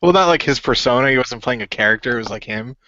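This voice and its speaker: A man's voice: mid-range voice, lively intonation, fast talker, pushed and bright. A man co-hosting a casual podcast chat, rambling through a story with frequent laughs. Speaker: podcast co-host. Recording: dull, dry lo-fi audio.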